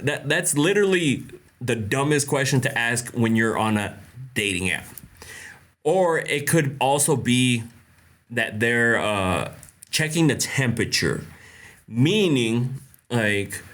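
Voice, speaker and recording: A man's voice: mid-range voice, expressive, slow pace, fairly bright tone. A young man hosting a casual live question-and-answer stream, blunt and joking, laughing often. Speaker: host.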